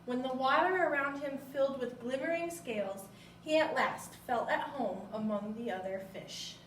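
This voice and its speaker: A woman hosting a library storytime, reading a picture book aloud with gentle expression. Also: high voice, normal speed, slight background noise. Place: library room. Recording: echoey room, mic far off.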